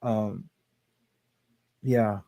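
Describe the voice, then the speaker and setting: A man co-hosting a casual chat, rambling through stories with halting restarts and frequent laughter. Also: on the low side, fairly even intonation, creaky, dark tone, no room sound. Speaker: co-host.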